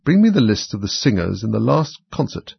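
A stern, cruel queen who gives orders coldly, as a man reads her. The voice is low and very husky, close to the narrator's own. It is a dry storybook reading. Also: very animated, brisk, no echo, lo-fi sound, exaggerated voice. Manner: cold, commanding.

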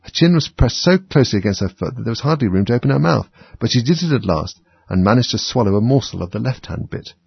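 A man narrating a storybook in a measured, lively way. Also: medium pitch, creaky, slightly rough, no echo. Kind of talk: storybook reading. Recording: dull, dry lo-fi recording.

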